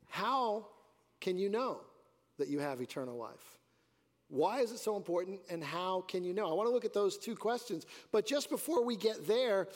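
A man preaching a sermon as pastor, earnest, with rising and falling emphasis. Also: high-pitched. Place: church sanctuary. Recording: church hall reverb.

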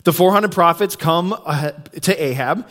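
A male pastor giving a sermon, retelling a story in a conversational, animated way. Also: a little high, normal speed.

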